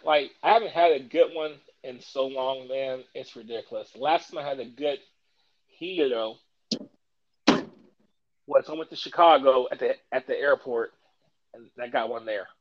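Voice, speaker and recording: A man from Kentucky, hosting a casual podcast and telling stories in an animated way, laughing often. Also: medium pitch, normal speed, pauses often, dull audio. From Kentucky, US South. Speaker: podcast host. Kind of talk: casual chat.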